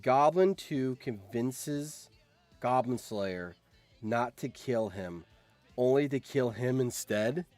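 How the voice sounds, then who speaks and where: A man streaming live, reacting excitedly and yelling in surprise on a close mic. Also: medium pitch, slow pace, dry recording, soft background music. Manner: excitable, yells in surprise, laughs often.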